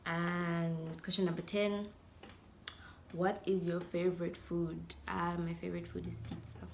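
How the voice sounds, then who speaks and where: Gravelly young Zambian woman vlogging. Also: fairly low pitch, level tone, measured pace, slight background noise. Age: 20s. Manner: chatty, playful, often drops to a near-whisper. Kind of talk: casual to-camera vlog.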